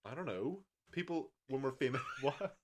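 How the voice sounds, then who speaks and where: A man's voice: medium pitch, moderate pace, slight background noise. A young man, co-hosting a casual podcast and telling stories with lots of laughter. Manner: animated, laughing storyteller. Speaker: podcast co-host. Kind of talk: casual chat. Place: indoor room with co-host.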